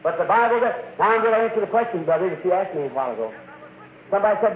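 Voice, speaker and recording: A man preaching to a congregation in a high, keen voice, folksy and emphatic, pressing his points home with a quick "See?". The sound is thin and tinny like an old tape. It rings with the echo of a big room. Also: animated, background noise. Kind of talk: sermon. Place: church.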